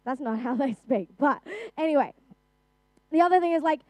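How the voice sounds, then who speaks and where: A woman's voice: high voice, lively intonation, normal speed, a little mellow, dry recording. A young woman with an Australian accent preaching an earnest, conversational youth sermon. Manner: earnest, conversational, with frequent restarts and "like".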